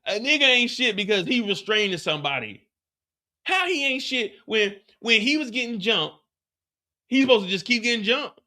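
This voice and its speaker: A man hosting a live after-show, recapping an episode in an animated, slangy way with lots of restarts and repeats. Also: very high-pitched, moderate pace. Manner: profane, slangy storytelling.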